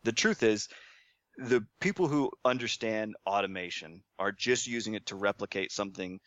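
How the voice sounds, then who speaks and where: Man, interview guest, low voice, relaxed and self-deprecating, dry dull lo-fi sound. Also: moderate pace, no echo. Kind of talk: casual interview storytelling.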